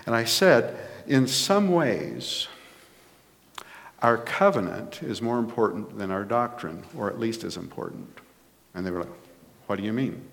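A man's voice: on the low side, lively intonation, measured pace, gravelly, a bit bright. A man preaching a conversational sermon as pastor, rising to emphatic points. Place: church sanctuary. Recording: long reverb of a church hall.

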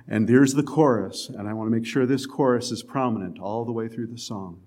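Guy preaching, talks to the congregation casually, goes quiet for emphasis, chuckles now and then. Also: mid-range voice, a little fast, few pauses. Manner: conversational preaching, drops to soft emphatic lines, occasional chuckles. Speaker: pastor. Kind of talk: sermon.

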